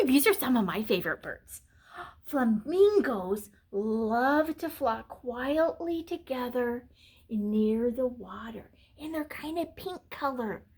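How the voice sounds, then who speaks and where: A woman reading a children's picture book aloud, animated, with gasps, whispers and playful animal sounds. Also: sits high.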